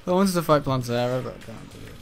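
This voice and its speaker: A man giving rambling, chatty gameplay commentary, laughing often and breaking into excitable outbursts. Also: medium pitch, quick pace, vocal fry, faint music behind. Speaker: gaming channel host.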